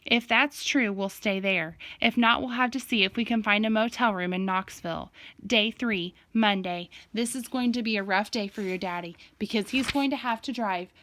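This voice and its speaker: A woman voicing a brisk, organized mother. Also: mid-range voice, a bit bright, lightly acted. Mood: planning. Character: organized mother reading out a trip plan.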